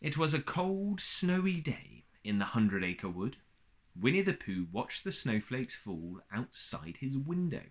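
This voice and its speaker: A man reading a children's story aloud in a gentle, expressive way. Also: medium pitch, a little slow.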